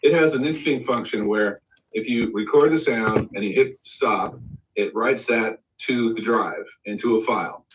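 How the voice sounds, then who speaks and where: A man with a lowish voice tells a story from a recording studio as a guest on a live video call, speaking at a moderate pace and acting out the quotes with animation. He sits far from the mic, and the recording sounds muffled. It's casual storytelling on a live stream.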